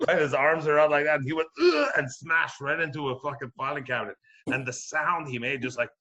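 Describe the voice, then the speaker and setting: A middle-aged man from Quebec, a comedian telling a rowdy story in casual chat, profane and animated, acting out the voices of the people in it. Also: on the high side, fast, dull audio. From Quebec, Canada. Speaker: comedian guest.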